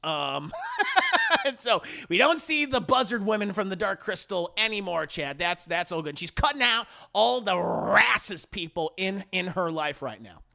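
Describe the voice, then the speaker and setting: A young man recapping a movie for a livestream chat, animated and profane, laughing loudly and slipping into quick character impressions. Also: high-pitched, vocal fry. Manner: laughs loudly at his own jokes. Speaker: movie reviewer.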